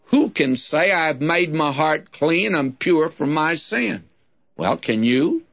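A man's voice: fairly high pitch, lively intonation, creaky, a bit bright. An older man teaching through Bible verses, reading scripture aloud and explaining it plainly. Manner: slow, deliberate, reads scripture then explains it. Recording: dull lo-fi sermon recording.

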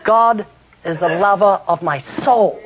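A man's voice: sits high, measured pace, slightly rough. A man preaching a humorous sermon with storytelling, jokey asides and self-mocking slips, heard in a dull lo-fi recording.

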